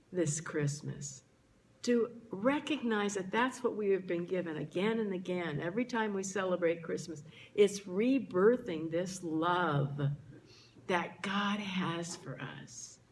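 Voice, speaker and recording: A woman's voice: fairly low pitch, slight background noise. A woman minister delivering a sermon in a church, speaking to the congregation and drawing out key words for emphasis. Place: church sanctuary.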